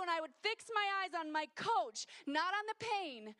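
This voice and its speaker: A woman preaching a sermon, telling a personal story and building to impassioned, forceful exhortation. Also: very high voice, sing-song, moderate pace, few pauses.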